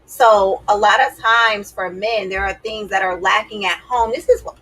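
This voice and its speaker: A woman's voice: mid-range voice, fairly even intonation, normal speed, a bit bright, a little hiss or hum, poor audio. A woman giving dating advice to her viewers in a sassy, emphatic, casual way. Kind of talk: casual advice talk to camera.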